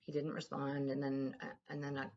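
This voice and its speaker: A woman's voice: rumbling low, completely flat delivery, a little fast, dull audio. A woman talking candidly in a casual personal vlog, rambling and swearing freely. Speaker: vlogger.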